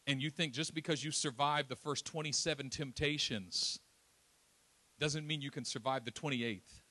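A man from East Oakland preaching a sermon, telling a personal story with lively acted-out quotes and self-deprecating asides. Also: medium pitch, normal speed. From East Oakland, California. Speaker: pastor.

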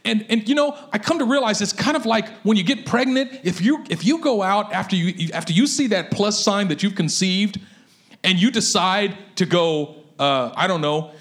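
A man preaches with a high, bright-toned voice. He tells stories in an animated way and leans into his points. His delivery is lively and conversational. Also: normal speed. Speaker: pastor. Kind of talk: sermon.

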